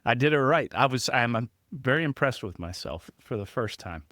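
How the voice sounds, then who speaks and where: A man's voice: medium pitch, animated, normal speed, a bit bright, no room sound, studio quality. A man hosting a podcast in a chatty, self-deprecating way, often laughing as he talks. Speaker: podcast host. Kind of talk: casual podcast chat.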